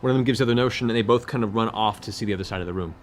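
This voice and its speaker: A man's voice: lowish voice, very fast. A man narrating a tabletop game as game master, in a loose, descriptive way.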